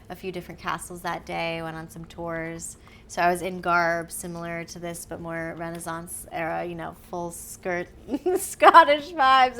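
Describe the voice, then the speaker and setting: Podcast guest, female, slightly low voice, animated and giggly storyteller, faint hiss behind. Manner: animated, laughs often, acts out quotes. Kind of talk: casual storytelling chat.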